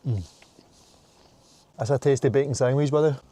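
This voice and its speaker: A Scottish man with a husky, brash voice, chatting casually as a travel vlogger outdoors. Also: mid-range voice, normal speed, warm tone, a little hiss or hum. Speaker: vlog host. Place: outdoors by campervans.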